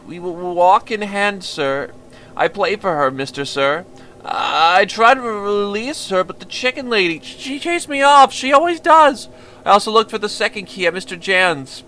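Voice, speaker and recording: A man voicing a timid young male violinist who stutters, apologizes and pleads in a meek, halting voice. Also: high voice, sharp tone, a little hiss or hum. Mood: pleading. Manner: meek and apologetic, keeps saying sir.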